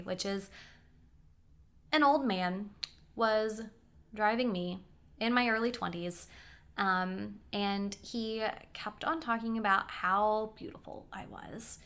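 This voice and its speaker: A young woman casually telling personal stories to her viewers in a chatty, animated way, with asides and quoted voices. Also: mid-range voice, slow. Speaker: vlogger. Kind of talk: casual storytelling.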